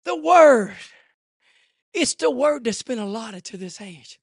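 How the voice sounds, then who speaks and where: Male preacher, very high and bright. Revival sermon, dry close sound. Drops to a hush, then builds to shouts. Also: lively intonation, slow, creaky, breathy edge, no echo. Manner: swings from hushed to shouting; rhythmic repetition, rising cadence. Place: church service.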